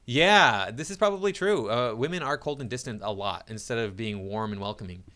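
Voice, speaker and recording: A man's voice: medium pitch, lively intonation, brisk, pushed and bright. A man reads items from a list aloud and comments on each in an opinionated way, chuckling often between remarks. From United States.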